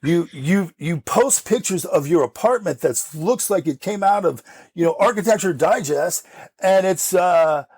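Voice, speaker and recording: An animated middle-aged American man speaking as a podcast guest. His voice sits high, with a gravelly edge. He is recorded close and dry, and he laughs often as he acts out the other people in his stories. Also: unhurried, no room sound. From United States. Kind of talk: candid recovery storytelling.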